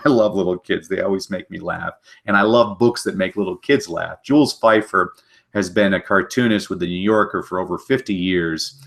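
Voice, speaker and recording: Animated man giving book talks. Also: low voice, vocal fry. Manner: animated storyteller, does quick character voices. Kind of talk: energetic webinar presentation.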